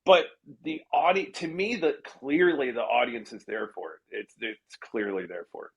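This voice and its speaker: A man's voice: medium pitch, normal speed, vocal fry. A man who writes television comedy, chatting casually in a podcast interview, often laughing at himself and restarting his sentences.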